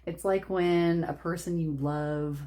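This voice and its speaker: A woman's voice: fairly low pitch, fairly even intonation, slow, mellow. A woman giving a casual pick-a-card tarot reading, rambling and chatty, laughing often. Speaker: tarot reader.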